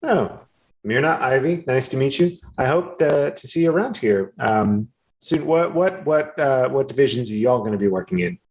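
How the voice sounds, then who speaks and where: A man's voice: mid-range voice, lively intonation, normal speed, pitched above the performer's own voice, natural voice, rough recording. A man voicing a friendly, nervous woman harvest worker who stammers and repeats herself eagerly.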